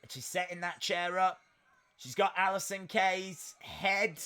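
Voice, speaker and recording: Man, high bright voice, unhurried, joking watch-along host who erupts into shouts. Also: smooth, soft background music. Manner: excitable, jokey, bursts into shouts. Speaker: live stream host. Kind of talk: wrestling watch-along commentary.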